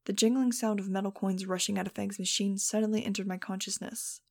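A woman's voice: mid-range voice, steady tone, brisk, vocal fry. A woman narrating an audiobook in the first person, in a wry, sardonic tone.

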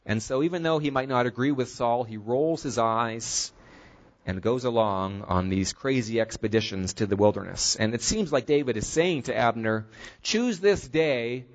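A man preaching a sermon, earnest and steady, retelling a scripture story and drawing its lesson. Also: mid-range voice.

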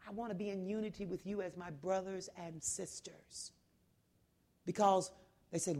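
A woman preaching a sermon, telling a story loudly, then dropping to a hush and rising again. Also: medium pitch, fairly even intonation, moderate pace. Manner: loud, swings between hushed and shouting.

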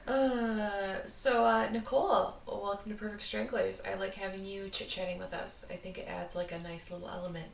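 A woman's voice: mid-range voice, measured pace, vocal fry, far from the mic, a little hiss or hum. A woman with an Upper Midwest American accent hosting a podcast in a giggly, rambling casual chat full of "like". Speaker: podcast host. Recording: roomy, a little off-mic.

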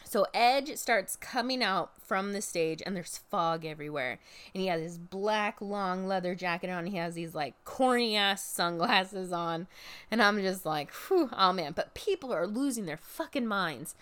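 A woman's voice: mid-range voice, lively intonation, a little slow, fairly bright tone. A woman telling a casual, profane story about a live event, full of fillers and acted-out quotes. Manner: chatty, profane, filler-heavy, acts out quotes. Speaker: podcast host recapping a wrestling event.

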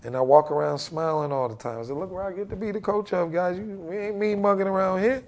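A man in his forties, a basketball head coach, telling stories in an interview and acting out what people say with big jumps in his voice. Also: quick pace. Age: 40s. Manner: animated, acts out quotes with big pitch jumps. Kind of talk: energetic interview storytelling.

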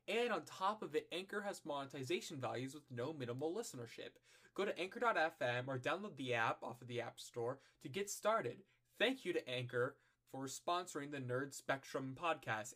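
A man's voice: a little high, expressive, fairly quick, a bit bright. A man doing a loose, playful sponsor read for a podcast. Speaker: ad reader.

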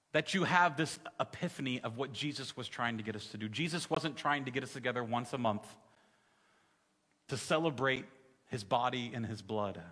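Conversational preacher in a big echoing hall. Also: male voice, fairly high pitch. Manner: conversational, calls on the audience, drops to soft tones in the emotional story. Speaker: pastor. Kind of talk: sermon. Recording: long reverb in a large hall.

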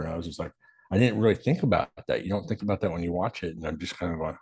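A man co-hosting a podcast who talks about a film in a relaxed, reflective way and laughs easily. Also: low voice, very fast, breathy edge, no echo. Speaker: podcast co-host. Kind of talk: casual movie discussion.

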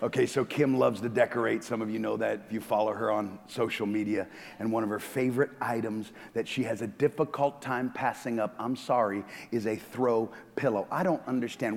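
A man, a pastor, preaching a sermon to his church, shifting from hushed, joking asides to loud shouting. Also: mid-range voice, normal speed. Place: large church hall. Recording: long reverb of a church hall.

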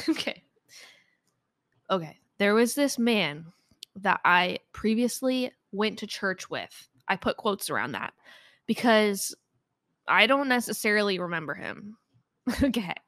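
A young woman talks straight into the mic for her solo podcast, telling stories casually. She is chatty and quick to laugh, and her voice sits at a middle pitch. The sound is dry, with no room echo. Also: lively intonation, a bit bright. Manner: chatty, laughs often, lots of "like". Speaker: podcast host.

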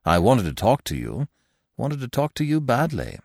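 A man voicing a suave, teasing young gentleman thief who talks in a playful, mock-affectionate way. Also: mid-range voice, huge pitch swings, normal speed, creaky, no room sound, studio quality, heavily acted.

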